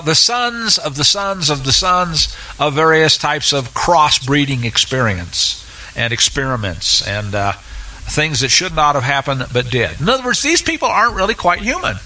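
A man teaching through Scripture in an animated, sarcastic way, with many filler uhs. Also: medium pitch, low-quality recording. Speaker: Bible teacher. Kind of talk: expository Bible teaching.

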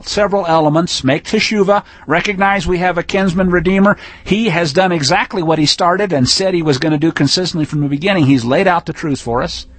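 A high-pitched man preaches in a folksy, emphatic manner, building to forceful declarations. His voice has a husky grain, and the recording is dry and close with little room sound. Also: no echo. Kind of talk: sermon-style teaching.

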